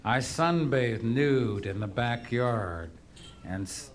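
This man performs spoken stories live, rambling and profane, delivered with an offhand, wry manner. He speaks slowly but animatedly, at a medium pitch.

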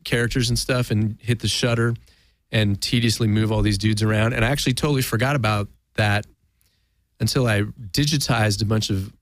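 A man's voice: on the low side, fairly even intonation, brisk, no echo. A man talking as a guest musician in a casual interview, rambling and self-deprecating, laughing often.

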